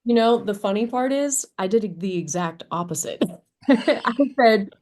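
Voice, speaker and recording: A woman from Kentucky, a guest musician, telling stories in a casual interview, animated and laughing often as she acts out quotes. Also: medium pitch, unhurried. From Kentucky, USA. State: hoarse.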